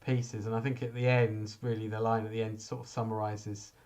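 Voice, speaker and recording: A man's voice: on the low side, flat delivery, brisk, darkish tone. A man hosting a chat show, talking casually and hesitantly with many fillers.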